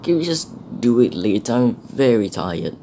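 A man's voice: mid-range voice, big pitch swings, normal speed, mellow, slight background noise. A man doing a sleepy, grumbling goods engine. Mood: grumbling tired. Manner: drowsy and complaining. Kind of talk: storybook voice acting.

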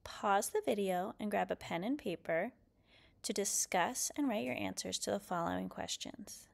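A woman reading a children's picture book aloud, lively and expressive, then posing questions to young listeners. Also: mid-range voice, moderate pace, creaky. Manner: expressive, lively character quotes. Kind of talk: read-aloud storytelling.

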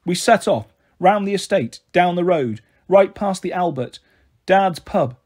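Husky-voiced man reading a novel aloud. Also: high voice, expressive, a little slow, a little mellow. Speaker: storyteller.

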